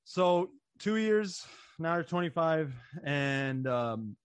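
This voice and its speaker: A man's voice: fairly high pitch, expressive, clear, resonant tone, dry recording. Easygoing man hosting a podcast. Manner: easygoing, encouraging, quick to laugh. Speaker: podcast host. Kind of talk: casual interview.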